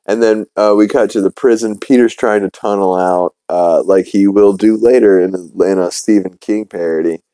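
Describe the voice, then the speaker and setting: This podcast host rambles through a casual episode recap of a cartoon, swearing freely, packing in fillers, and tripping over restarts. His low voice is warm and relaxed, at normal speed with few pauses and a clean tone. The audio is dry and close-miked, but poor in quality.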